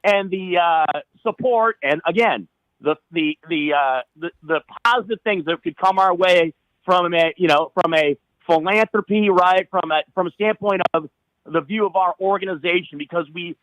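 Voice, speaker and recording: Man, high voice, radio host, insistent, halting, dry close sound. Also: fairly bright tone, dry recording, low-quality recording. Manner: insistent, halting, repeats words. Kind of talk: sports radio debate.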